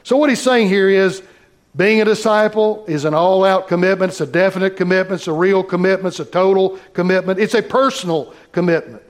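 High-voiced man preaching a sermon. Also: brisk. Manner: preaching with scripture readings and asides to the congregation. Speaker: pastor.

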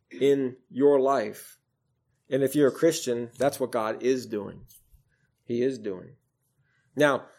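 A man preaching a sermon, quoting scripture in old King James wording and swinging from loud emphasis to quiet, low passages. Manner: rises and falls in volume, emphatic then hushed.

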